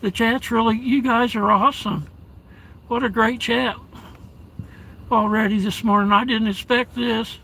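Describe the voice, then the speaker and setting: A man chats live from his vehicle, his voice high and bright. He reads viewers' comments aloud and calls them darling and brother. His talk is halting, full of restarts and soft fillers. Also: steady tone, gravelly, a little hiss or hum, poor audio. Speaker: live streamer reading chat. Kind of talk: casual live stream chat. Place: inside a parked vehicle at home during a blizzard.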